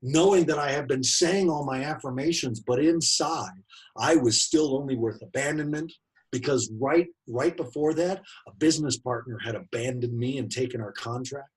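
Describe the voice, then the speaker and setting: A man's voice: medium pitch, normal speed, rough recording. A man in his late forties giving a personal motivational talk, emphatic and fond of repeating key phrases. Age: late 40s. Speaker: motivational speaker.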